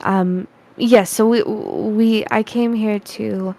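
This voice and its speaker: A woman voicing a suave, charming male knight of a holy order in a tabletop game, speaking haltingly with many fillers. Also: medium pitch, steady tone, creaky, dark tone. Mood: earnest.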